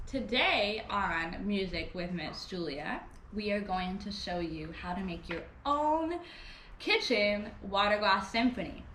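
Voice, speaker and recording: A young woman teaching a music lesson to small children in a cheerful, slow and clear way, at home in her kitchen. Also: mid-range voice, lively intonation, fairly bright tone. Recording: echoey kitchen with clear background noise.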